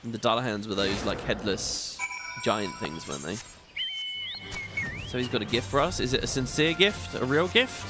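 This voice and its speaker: A man's voice: medium pitch, animated, normal speed. A man hosting a gaming video, giving rambling, opinionated playthrough commentary. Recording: game music behind voice.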